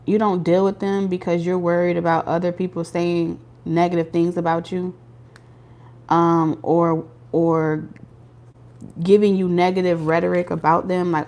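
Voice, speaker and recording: A woman's voice: lowish voice, flat delivery, moderate pace, a little mellow. A woman doing a casual tarot reading for viewers, talking bluntly with slang and profanity. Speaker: tarot reader.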